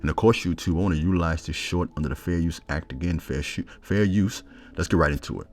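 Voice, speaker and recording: A man teaching from scripture, reading verses slowly and breaking in with his own commentary and questions. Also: deep voice, darkish tone. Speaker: bible teacher.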